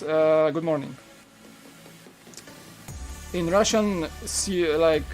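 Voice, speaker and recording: A man's voice: a little high, unhurried, soft background music. A man from Poland with a Polish accent, chatting casually and rambling while he hosts a live building stream and answers viewers' questions. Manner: rambling, relaxed, many "like" fillers, answering chat questions. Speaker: live-stream host building a toy set.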